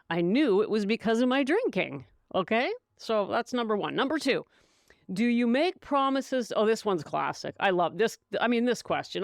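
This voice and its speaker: Woman, middle-aged, podcast host, sarcastic, giggly, smooth voice, dry close sound. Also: mid-range voice, no echo. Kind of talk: casual sobriety talk.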